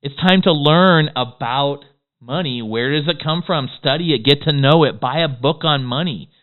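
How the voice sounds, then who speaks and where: Fast-talking man teaching over tinny audio. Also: fairly high pitch. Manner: fast-talking, excitable, peppers lines with "okay?". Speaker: business course instructor. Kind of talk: motivational course lecture.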